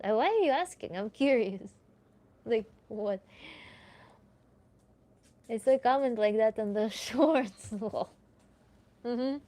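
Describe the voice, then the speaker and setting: A woman with a Russian accent, a native Russian speaker, answering viewers live as a tantra coach in a relaxed, chatty way that is full of little laughs. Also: on the high side, takes it slowly, pauses often. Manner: relaxed, chatty, laughs often, many "like" fillers. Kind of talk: livestream Q&A chat.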